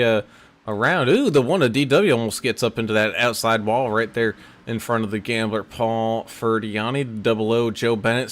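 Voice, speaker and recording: A man's voice: mid-range voice, fairly bright tone. New England man calling the race. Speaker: sim racing play-by-play commentator. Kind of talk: play-by-play race commentary.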